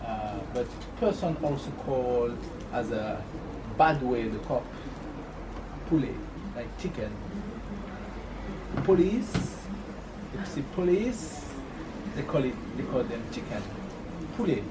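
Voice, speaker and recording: A man's voice: mid-range voice, animated, slow, pauses often. French guy, medium voice, hesitant english, noisy background. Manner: hesitant, searching for English words. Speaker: co-host husband. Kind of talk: casual vlog chat.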